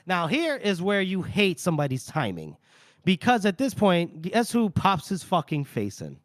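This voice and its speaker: A man retells a story for his podcast co-hosts, slipping into quick character voices and swearing freely. His voice sits a little high. The sound is dry and close on the mic. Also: sing-song, no echo. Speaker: podcast co-host. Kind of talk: casual book-discussion podcast, retelling chapters.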